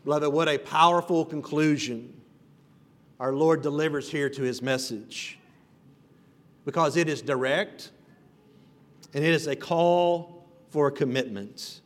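A man's voice: a little high, unhurried, long pauses. A man preaching an expository sermon as pastor, earnest and building emphasis on repeated phrases. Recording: long reverb of a hall.

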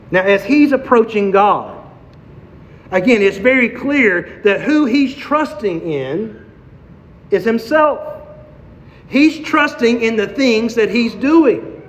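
High-voiced male preacher in a hall. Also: animated, slow. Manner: expository, rhetorical questions, emphatic repetition. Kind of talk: sermon. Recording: dull sound with long hall reverb.

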